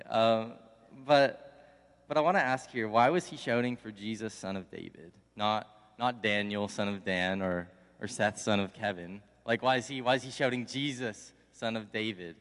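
A man's voice: on the low side, normal speed. A young man, a college intern, giving a casual, conversational sermon. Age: young adult. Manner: conversational, animated when acting out the crowd. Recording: long hall reverb.

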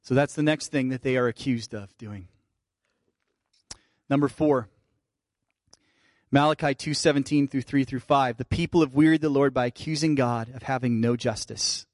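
A male pastor preaching a sermon, shifting between fervent emphasis and soft, intimate asides. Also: mid-range voice, moderate pace, pauses often, no echo, clean studio sound. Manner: preaching with rising fervor, then dropping to soft intimate tones.

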